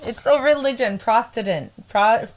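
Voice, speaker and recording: A woman's voice: fairly high pitch, expressive, moderate pace. A woman hosting a podcast in casual chat, chatty and stumbling over words at times. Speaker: podcast host.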